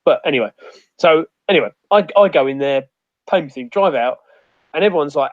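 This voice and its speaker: A man's voice: fairly high pitch, expressive, fast, no echo. A man with a rambling, sweary storytelling manner in a casual outdoors chat. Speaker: outdoors guest. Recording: muffled dry audio.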